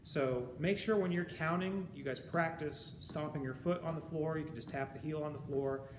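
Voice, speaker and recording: A male high school band teacher giving a recorded music lesson. He explains each step patiently and counts the beats out loud. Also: moderate pace. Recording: echoey room with steady background noise.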